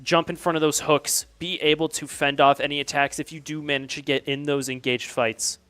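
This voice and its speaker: A man's voice: fairly high pitch, flat delivery, brisk, a bit bright, clean tone. Upbeat young male esports commentator. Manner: upbeat, explains strategy at length. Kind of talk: live play-by-play commentary.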